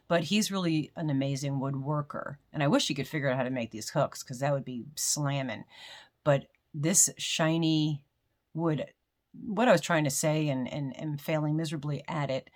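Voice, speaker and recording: A low-pitched woman talks through a casual unboxing at home, rambling from one story to the next. She often restarts her sentences and pokes fun at herself. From United States. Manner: rambling, chatty, self-deprecating with frequent restarts. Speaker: crochet vlogger.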